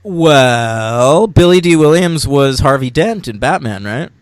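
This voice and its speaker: An easygoing man co-hosting a film podcast, tossing in quick asides and jokes. His pitch moves around a lot as he talks, and the sound is dry and close with no room echo. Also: animated. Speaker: podcast co-host. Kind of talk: casual film podcast chat.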